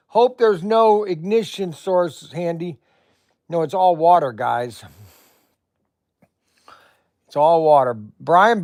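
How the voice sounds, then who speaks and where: A man chats his way through a hobby build on a live stream, taking his time over every word. His banter is playful, and he often drifts into mock-whining. He talks to himself at a relaxed, unhurried pace. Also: on the high side. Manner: talks to himself while working. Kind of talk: casual live stream chat while building.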